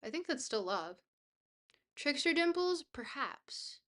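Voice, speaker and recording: Bubbly young woman streamer, bright voice. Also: high voice, very animated, takes it slowly. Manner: bubbly, goofy, self-deprecating. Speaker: livestreamer. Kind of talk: casual chat, reading viewer messages.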